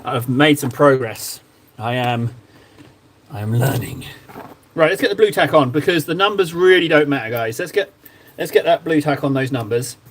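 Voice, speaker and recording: A man's voice: medium pitch, normal speed. A man hosting a casual livestream, reading chat aloud with playful, self-mocking banter. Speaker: livestream host painting miniatures.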